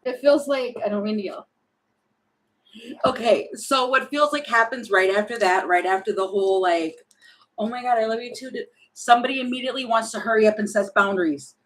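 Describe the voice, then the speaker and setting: Tarot lady reading cards out loud, lots of "like" and "um", talking it through as she goes. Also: mid-range voice, fairly quick, low-quality recording. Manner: animated, thinking aloud with many fillers. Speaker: tarot reader.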